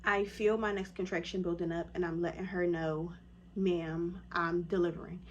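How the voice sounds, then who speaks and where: A woman's voice: brisk, lo-fi sound, a little hiss or hum. A woman telling her own story in a casual vlog, acting out what others said in a raised voice. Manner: animated, acts out quoted voices in a higher pitch.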